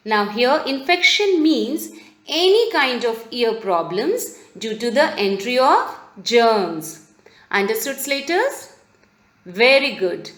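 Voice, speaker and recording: Woman teacher, slow and sing-song, spells out words for kids; roomy sound. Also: on the high side, big pitch swings, fairly bright tone. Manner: sing-song questions to children. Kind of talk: classroom lesson reading aloud. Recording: echoey room.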